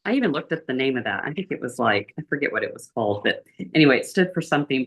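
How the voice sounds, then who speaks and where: A woman with a very low, deep speaking voice tells her travel stories in a casual interview. She is chatty and animated, her pitch jumping up when something delights her. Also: fast. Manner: chatty, animated storytelling with big pitch lifts. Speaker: interview guest.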